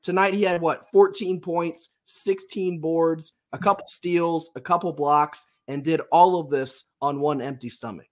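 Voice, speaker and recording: Brief: sick, raspy man breaking down a game, slightly high voice, excited. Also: a little slow, few pauses. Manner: enthusiastic, emphatic repetition. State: raspy, under the weather. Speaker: podcast host. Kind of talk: sports podcast analysis.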